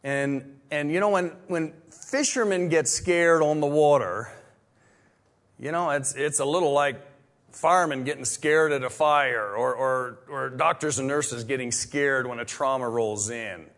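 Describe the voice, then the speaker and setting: A man preaching a sermon in a conversational way, full of restarts, swinging from loud exclamations to hushed whispers. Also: medium pitch, unhurried. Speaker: pastor.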